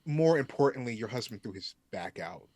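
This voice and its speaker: A man narrating a tabletop role-playing game as game master, pausing often with ums as he thinks. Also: mid-range voice, animated, a little mellow, no echo. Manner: slow, hesitant, many ums.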